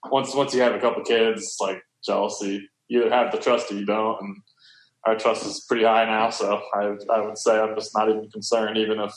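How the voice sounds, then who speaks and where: A man's voice: fairly low pitch, little pitch movement, a little fast, echoey room, poor audio. A man chatting as a podcast guest over a video call, easygoing, with stammered restarts. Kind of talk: casual chat on a video call.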